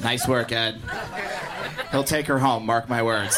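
A man hosting a comedy show, loud and teasing the audience in crowd work. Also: medium pitch, steady tone, unhurried. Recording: loud crowd in a noisy club.

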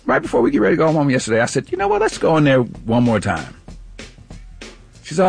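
A man's voice: a little high, huge pitch swings, normal speed, vocal fry, pauses often, faint music behind. A man co-hosting a radio show, telling a casual story with lots of laughs.

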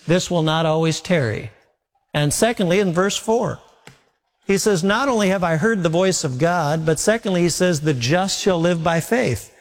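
A man preaching a sermon with homespun stories, slowing down to lean on scripture. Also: sits high. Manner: folksy storytelling preacher, slows down for scripture. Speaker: pastor.

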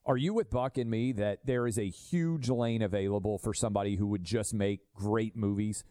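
A man's voice: on the low side, moderate pace, dark tone, clean tone, no room sound, clean studio sound. A man hosting a talk show, speaking emphatically and asking his guest leading questions. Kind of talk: radio talk show discussion.

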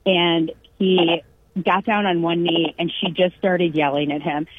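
A woman with a slightly low, husky voice tells a family story in easygoing conversation, slipping into the voices of the people she quotes. The sound is dry and tinny, like a phone line. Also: measured pace, no room sound. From California. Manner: animated anecdote-telling, acts out quotes. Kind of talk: casual chat.

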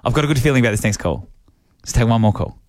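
Australian guy, radio co-host, mid-pitched, theatrical pleading banter. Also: expressive, racing, a little mellow, dry recording, studio quality. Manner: dramatic, pleading, mock-frustrated. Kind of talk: casual on-air banter. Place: radio studio.

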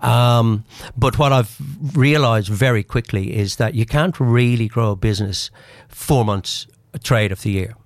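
A man chatting as a radio guest and pitching his business. He talks at a medium pitch and stumbles over restarts. The sound is close and dry at a studio microphone. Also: a little slow, hardly any pauses, no room sound. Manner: chatty, restarts often, salesy. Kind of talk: casual radio interview.

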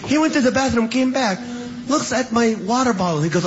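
Animated man telling a stand-up story. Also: very high voice, brisk. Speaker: stand-up comedian. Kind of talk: stand-up comedy routine. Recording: lo-fi clip with background noise.

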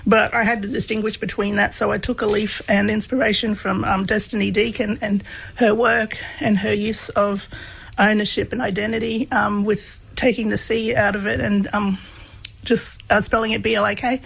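Husky, gravelly woman. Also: medium pitch, level tone, normal speed, fairly bright tone, poor audio. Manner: hesitant, many fillers, laughs while telling. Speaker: guest, researcher of comedy. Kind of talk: casual personal storytelling.

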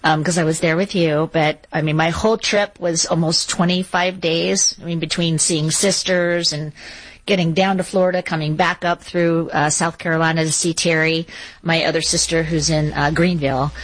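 A woman's voice: low-pitched, low-quality recording. A woman co-hosting a pet radio show, chatting in a rambling, enthusiastic way. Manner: rambling, enthusiastic, with filler words. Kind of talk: casual radio chat.

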